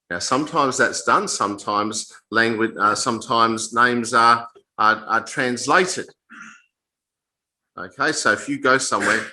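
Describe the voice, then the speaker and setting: In poor audio, a man with a medium-pitched, bright, forceful voice gives an informal Bible talk to a small group. He teaches plainly and conversationally but haltingly, often stopping to repeat and restart phrases mid-sentence.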